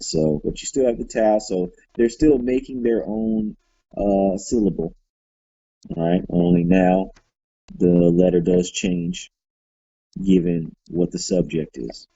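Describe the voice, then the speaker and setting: A man's voice: low-pitched, creaky, warm tone, slightly rough, no echo, muffled recording. A man teaching a Hebrew grammar class, explaining step by step with frequent fillers and self-corrections, recorded in a classroom.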